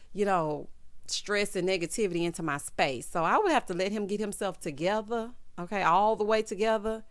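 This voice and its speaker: A woman hosting a casual TV recap, retelling scenes in a sassy, animated way with quoted voices. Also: medium pitch, no room sound. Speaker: TV recap host.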